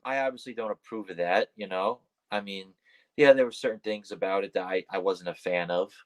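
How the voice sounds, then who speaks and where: A man guesting on a podcast, telling wrestling stories in a rambling, casual way, full of fillers and the odd swear, and jumping up high when he acts out his own startled replies. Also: a little fast, rough recording.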